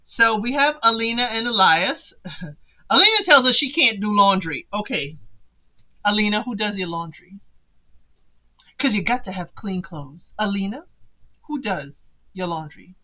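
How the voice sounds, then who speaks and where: A woman's voice: mid-range voice, animated, unhurried, pauses often, pushed and bright, low-quality recording. A woman hosting a podcast, recapping a show in casual, chatty commentary and talking straight to her listeners with teasing asides. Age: adult parent of sons.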